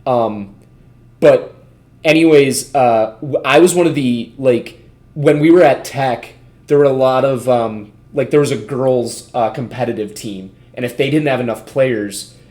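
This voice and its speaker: A man's voice: mid-range voice, measured pace, darkish tone. A man co-hosting a podcast, telling a story in a rambling, casual way, full of "like" and frequent swearing. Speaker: podcast co-host. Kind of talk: casual storytelling among friends.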